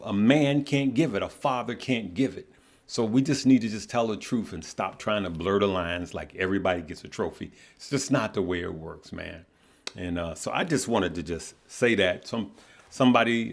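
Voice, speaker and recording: A middle-aged man with a fairly low voice hosts a casual livestream. He speaks earnestly and haltingly, repeating words as he talks to his viewers. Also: a little mellow. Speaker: livestream host. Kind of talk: casual heartfelt livestream talk.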